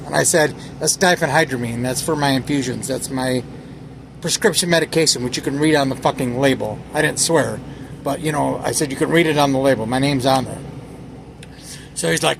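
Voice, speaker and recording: A man's voice: mid-range voice, brisk, gravelly, noisy background. A man vlogger angrily recounting a story in a casual, swearing way. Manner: agitated, swearing, quoting others in retelling. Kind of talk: angry personal story vlog.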